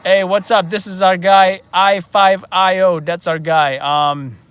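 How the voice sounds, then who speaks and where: A man hosts a live news stream, tossing out chatty, rambling remarks to his viewers. His speaking voice sits noticeably high for a man. He talks off-the-cuff, drifting between thoughts. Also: steady tone, a little slow, a bit bright, clear, resonant tone.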